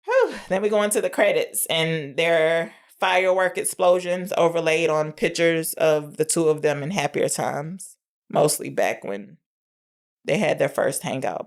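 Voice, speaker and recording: A woman's voice: deep voice, creaky. A woman co-hosting a podcast, recapping a film scene by scene in a casual, earnest way.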